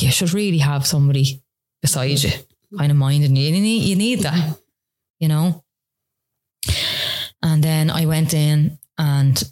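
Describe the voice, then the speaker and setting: A woman's voice: sits low, darkish tone. A woman, a guest telling a hard personal story with lots of fillers and restarts. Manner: tearful retelling with many fillers, earnest. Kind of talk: personal story in a podcast interview.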